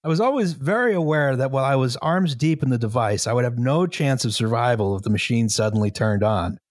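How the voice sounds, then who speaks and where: A man's voice: mid-range voice, animated, no room sound. Man reading a story aloud, dry mic. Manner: measured storytelling, breaks into laughter. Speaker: story reader.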